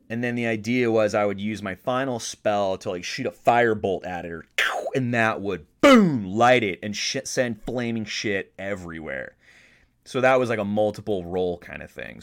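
Animated, profane American man with a low voice. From United States. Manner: animated, profane, swings from loud excitement to mumbled asides. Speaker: podcast host. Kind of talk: casual comedic monologue.

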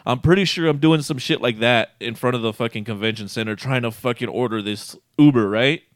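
A man's voice: medium pitch, a little fast, dry recording, clean studio sound. A man casually telling a rambling, profane story, often breaking into laughter. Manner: profane, laughing, animated retelling.

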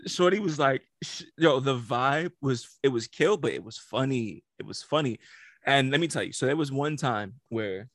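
A man's voice: medium pitch, lively intonation, moderate pace, fairly bright tone, no room sound. A man telling stories on a podcast, loose and profane, who keeps breaking into laughter as he talks. His voice is close and dry, with no room sound around it. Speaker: podcast co-host. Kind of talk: casual chat.

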